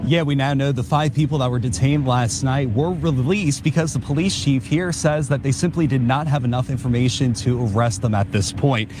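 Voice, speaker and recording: A man reporting live for the news, steady and measured. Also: mid-range voice. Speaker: field reporter. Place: outdoors in a city. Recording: outdoor street noise. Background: traffic noise.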